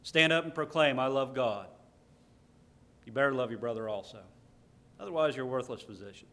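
A man's voice: mid-range voice, lively intonation, fast talker, bright, forceful tone. A man preaching a sermon, stressing key words and reading scripture aloud.

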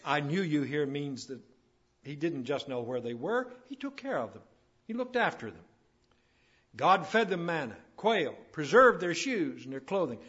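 A man's voice: a little high, big pitch swings, normal speed, fairly bright tone. A man preaching a sermon in a folksy, storytelling way that rises to emphatic declarations. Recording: dull lo-fi sermon recording.

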